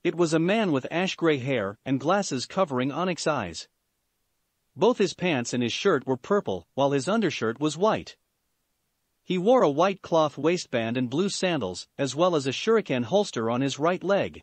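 A man reads a fan fiction story aloud in a plain, steady way. His voice is fairly high and moves around a lot, and the recording is dry and close. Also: moderate pace, no echo. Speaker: narrator.

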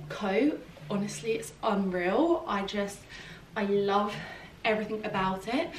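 A young British woman chatting casually and gushingly through a clothing try-on at home, full of "like" and enthusiasm. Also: mid-range voice. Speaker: fashion vlogger. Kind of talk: casual try-on haul chat. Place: at home in her flat. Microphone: camera mic set a little way off. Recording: roomy echo, distant mic, faint room hum.

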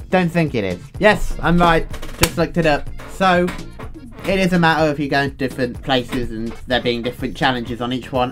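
A young man giving frantic, excitable game commentary full of swearing, with quiet game music behind him. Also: fairly high pitch. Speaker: gaming video creator. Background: faint game music.

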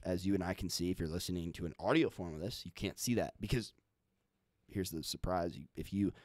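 Young man, podcast host, low voice, dry close sound, deadpan boasting. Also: brisk, no room sound. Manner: deadpan mock-bragging, swearing freely. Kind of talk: casual chat.

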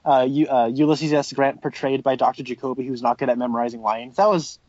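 A man's voice: mid-range voice, a little fast, darkish tone, no room sound, lo-fi sound. A young man co-hosting a casual podcast chat, offhand and mildly sardonic. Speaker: podcast co-host.

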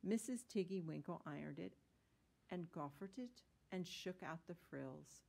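A woman reading a children's story aloud in a gentle, unhurried storytelling manner. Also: fairly low pitch, lively intonation, creaky, husky.

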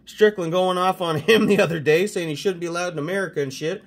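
A man from Canada hosting a casual mail-day chat about his trading cards, excitable and swearing constantly. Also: high voice, quick pace, vocal fry. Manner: profane, excitable hype talk. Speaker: card collecting channel host.

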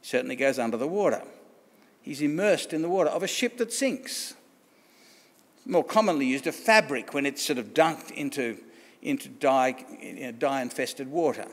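A man's voice: medium pitch, expressive, moderate pace. A man with an Australian accent preaching a sermon in a conversational way, often asking questions and restarting phrases. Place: church hall. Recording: long church reverb.

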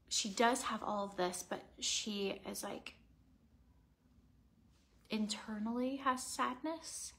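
A woman's voice: a little high, sharp tone. Chatty, earnest woman vlogger. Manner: rambling, earnest and emotional, many fillers. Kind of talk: casual get-ready-with-me chat. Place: home, indoors.

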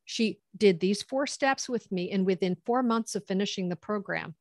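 Middle-aged woman, animated conversational storyteller, mid-range voice, dry close recording. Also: medium pitch, moderate pace, no echo. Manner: animated, acts out quoted dialogue. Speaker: government contracting consultant.

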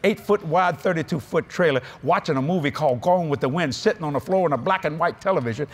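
A man's voice: a little high, fast talker, breathy edge. An older man with a Cajun Louisiana accent, preaching to a convention crowd in a folksy, laughing storytelling style that acts out voices. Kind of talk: storytelling sermon. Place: large convention hall.

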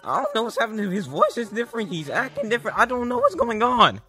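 A performer voicing a timid adult male plumber brother who stammers and bursts into shrill panic. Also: wildly swooping pitch, slow pace, creaky, heavily acted. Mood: panicked. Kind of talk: fan puppet-style comedy video.

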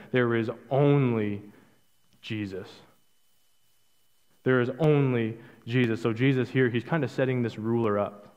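Emphatic male pastor in a reverberant hall. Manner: emphatic, drops to a hushed low voice on key words; acts out quoted lines conversationally. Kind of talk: sermon. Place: church sanctuary. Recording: dull audio with long reverb in a hall.

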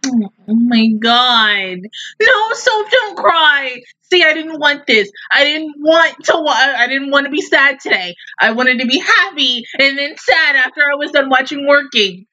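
A woman with a bright, high-leaning voice reacts to anime episodes in casual commentary. She rambles and gushes, swearing freely as her feelings spill out. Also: animated, measured pace, low-quality recording.

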